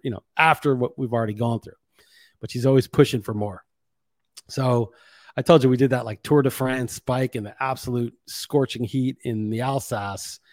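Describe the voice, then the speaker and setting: A man's voice: mid-range voice, darkish tone, no echo, clean studio sound. A man in his forties hosting a podcast, rambling and venting with lots of swearing in a casual monologue. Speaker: podcast host.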